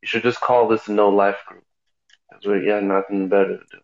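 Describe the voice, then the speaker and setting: A man's voice: on the low side, little pitch movement, normal speed, lo-fi sound. A man in his thirties in a group voice chat, needling and lecturing the others. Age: 30s. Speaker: voice chat participant.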